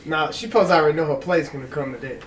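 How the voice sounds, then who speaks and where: A man's voice: a little high, rapid-fire, far from the mic. A man on a podcast panel, stubborn and dismissive, holding firm to his view. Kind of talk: casual group debate. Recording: roomy, off-mic with faint hum.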